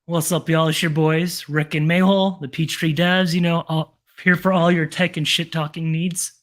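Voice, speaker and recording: A man's voice: on the high side, flat delivery, moderate pace, a bit bright. A man co-hosting a podcast, joking and bantering in casual chat. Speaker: podcast co-host.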